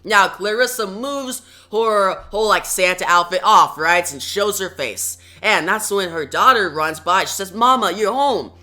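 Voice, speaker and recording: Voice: medium pitch, measured pace, few pauses, bright, forceful tone, faint music behind. A comic book reviewer casually retelling a story, starting nearly every sentence with "now" and tossing in "right?". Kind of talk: casual comic recap narration.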